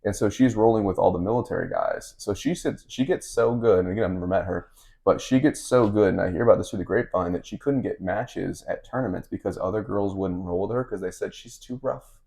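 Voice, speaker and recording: A man's voice: on the low side, brisk, gravelly. A man, chatting and telling stories as a podcast host. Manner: storytelling, relaxed and chatty. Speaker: podcast host and fight coach. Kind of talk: casual podcast chat.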